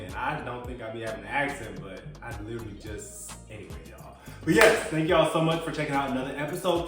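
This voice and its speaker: A man hosting a casual cooking vlog, chatty and calling his viewers y'all, sinking to low murmurs as he tastes the food. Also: fairly bright tone. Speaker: cooking show host. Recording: very echoey room, far from mic, music behind.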